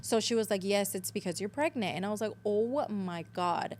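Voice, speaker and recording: A woman's voice: medium pitch, fast talker, darkish tone. A woman in her twenties, a podcast guest, telling a story in casual chat, switching between English and Spanish, swearing freely and acting out quotes.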